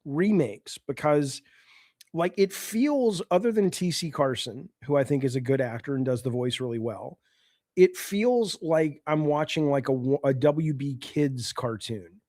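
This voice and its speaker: A man's voice: fairly high pitch, a little slow, no room sound. Podcast co-host, male, profane and heated, dry close sound. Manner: profane, ranting, animated. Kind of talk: casual chat.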